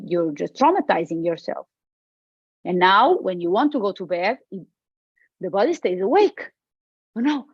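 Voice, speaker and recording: A woman's voice: mid-range voice, breathy edge, no room sound, muffled recording. A woman with a Portuguese accent, a medicine practitioner speaking as a podcast guest, emphatic and repeating herself. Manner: emphatic, repetitive, animated. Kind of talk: podcast interview.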